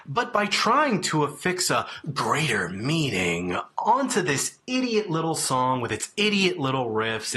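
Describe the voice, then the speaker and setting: A man's voice: on the high side, sharp tone. A man giving an opinionated, sarcastic review of a song, exasperated and crude in his wording. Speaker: music reviewer.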